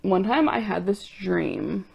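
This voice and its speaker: A young woman chats her way through a cosplay makeup session, spinning off into tangents and giggling at her own stories. Her voice swoops up and down with lively energy and carries a gravelly edge. She sounds casual and unscripted. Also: medium pitch, takes it slowly, dull audio. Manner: chatty, tangent-prone, giggly storytelling. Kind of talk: rambling casual chat while doing makeup.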